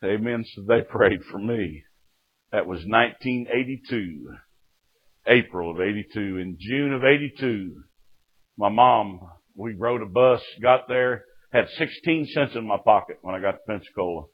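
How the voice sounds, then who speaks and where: A man preaches his own testimony. He tells it folksy and down-home, swinging between quiet and loud. The recording sounds dull and lo-fi. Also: fairly low pitch, a little slow, slightly rough. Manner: folksy storytelling with acted-out quotes and sudden jumps in loudness. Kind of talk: testimony sermon.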